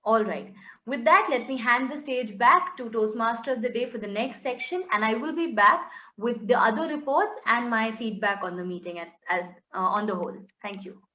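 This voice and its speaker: A woman speaking a little high as she gives a measured, encouraging evaluation to a speaker. Her voice comes over a video call that sounds dull and roomy, with a noticeable echo around it. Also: pushed and bright. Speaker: general evaluator at a speaking club meeting. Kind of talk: giving spoken feedback on an online meeting.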